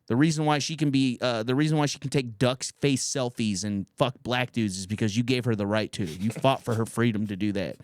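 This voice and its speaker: Talking fairly quickly with hardly any pauses, a man in his thirties hosts a podcast and rambles through a crude, comedic story full of profanity, laughing as he goes. He has a mid-range voice.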